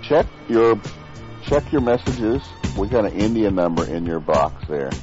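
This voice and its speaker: Deep-voiced wisecracking man, loud music. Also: very animated, measured pace, dull audio. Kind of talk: casual prank call banter.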